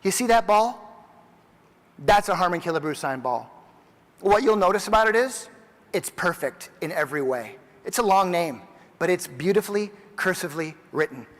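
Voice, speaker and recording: A man in his forties delivering a motivational keynote, telling stories with lively energy and acting out the people in them. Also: high voice, moderate pace. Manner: animated storyteller who acts out quoted dialogue. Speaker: keynote speaker. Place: large conference hall. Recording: long reverb of a big conference hall.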